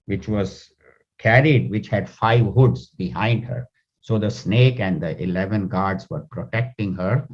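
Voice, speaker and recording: A man giving a talk on scripture, retelling a parable in loose, halting sentences. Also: lowish voice. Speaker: spiritual teacher. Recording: dull lo-fi recording.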